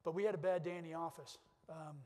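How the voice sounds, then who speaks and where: A man's voice: on the high side, fairly even intonation, fast talker, a little mellow. A middle-aged man giving a keynote speech at a conference, telling personal stories in an earnest way with many restarts. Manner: earnest storytelling with repeated restarts. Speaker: keynote speaker. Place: conference hall. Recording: long hall reverb.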